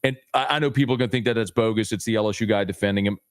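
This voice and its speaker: A man's voice: lowish voice, no room sound. Emphatic man on a dry call. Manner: emphatic, teasing, rapid bursts. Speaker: sports radio host, guest. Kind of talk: animated podcast chat.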